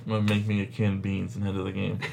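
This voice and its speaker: A man playing in a tabletop role-playing game, relaxed and joking. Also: low voice, racing, gravelly, a little hiss or hum. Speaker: player.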